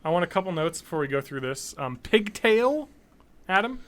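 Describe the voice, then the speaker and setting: A man's voice: high-pitched, sing-song, normal speed, fairly bright tone. A man co-hosting a casual podcast, reading out odd news stories with sardonic jokes. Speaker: podcast co-host.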